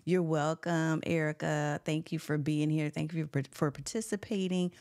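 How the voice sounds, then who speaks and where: A woman's voice: low-pitched, fairly even intonation, moderate pace, a little mellow. A woman hosting a live-stream interview, upbeat and laughing often as she reads viewer comments aloud. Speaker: host.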